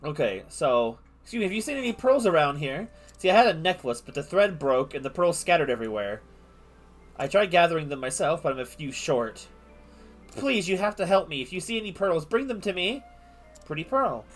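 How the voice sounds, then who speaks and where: A man's voice: on the high side, sing-song, soft background music. A man reading the lines of an earnest, somewhat nervous young male suitor from a game. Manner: earnest, halting read of game dialogue.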